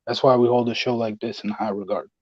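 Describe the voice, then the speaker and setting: A man's voice: medium pitch, steady tone, fast, no room sound. A man around thirty co-hosting a casual wrestling chat, talking as an enthusiastic fan. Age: 30s. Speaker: podcast co-host. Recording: dull, dry lo-fi mic.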